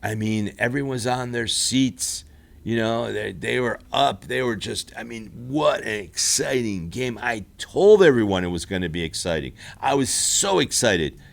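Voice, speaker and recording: A man hosting a football recap show, rambling and animated in casual commentary, laughing often. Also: medium pitch, unhurried, gravelly. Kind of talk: casual sports commentary monologue. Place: studio.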